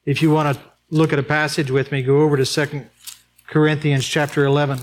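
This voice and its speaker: A man preaching a sermon as pastor, emphatic, asking the congregation questions and swinging between urgent peaks and quiet asides. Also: steady tone, fairly quick. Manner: emphatic, rising to high urgent peaks then dropping low and quiet; addresses the congregation with rhetorical questions.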